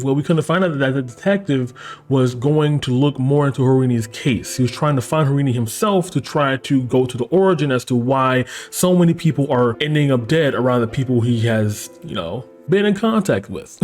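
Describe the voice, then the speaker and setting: A man recapping a show's plot in casual, profane chat at a mid pitch. He stays sarcastic and animated, swearing and tossing off quick mock voices for the characters. Faint music plays behind him. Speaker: anime recap host.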